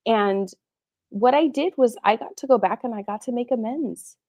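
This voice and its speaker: A woman's voice: a little high, moderate pace, a little mellow, dull audio. Middle-aged woman, psychotherapist guest, heartfelt and reflective in conversation. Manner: earnest, emotional, reflective. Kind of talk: candid interview talk.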